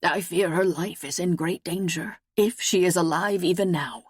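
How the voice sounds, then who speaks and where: A man's voice: high-pitched, normal speed, breathy edge, no echo, studio quality. A woman narrator voicing an earnest male knight who is searching for his lost wife, speaking in a grave, formal, pleading way. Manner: grave, pleading, formal old-fashioned speech.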